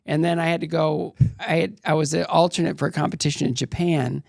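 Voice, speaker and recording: A man's voice: a little high, steady tone, brisk, creaky, a little mellow, no echo, studio quality. A middle-aged man, a former athlete, telling candid, rambling stories as an interview guest and acting out the voices of people he quotes. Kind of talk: casual storytelling interview.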